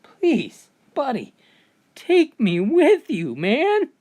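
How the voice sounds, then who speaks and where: A woman's voice: medium pitch, huge pitch swings, takes it slowly, creaky, exaggerated voice. Woman doing an exasperated middle-aged dad.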